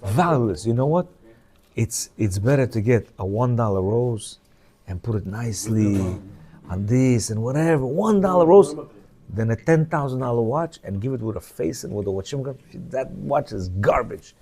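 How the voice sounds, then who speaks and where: A man's voice: mid-range voice, expressive, moderate pace, dark tone. A man reads from a book to a men's class and explains it in a chatty way, often asking his listeners if they follow. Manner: conversational, repeats questions to the listeners. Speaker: Torah class teacher.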